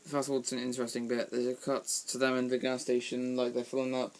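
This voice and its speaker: A man's voice: mid-range voice, monotone, quick pace. A man giving a casual spoken film review from a room at home, rambling with lots of ums and restarts.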